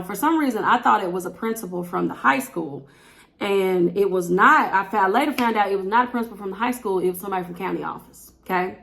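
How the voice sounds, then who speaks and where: Exasperated woman telling a story, slight gravel. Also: mid-range voice. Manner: animated storytelling, acting out quotes with exasperated outbursts. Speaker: teacher. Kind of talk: casual storytime vlog.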